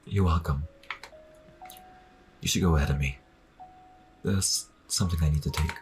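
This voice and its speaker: A man voicing a calm young boy while reading game dialogue aloud, quiet and gentle. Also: rumbling low, normal speed, a little hiss or hum.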